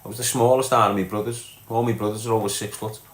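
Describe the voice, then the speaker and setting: A man's voice: on the low side, fairly even intonation, fast talker. A Scouse man from Liverpool, middle-aged, reading his chat live and answering viewers bluntly, calling everyone lad and mate.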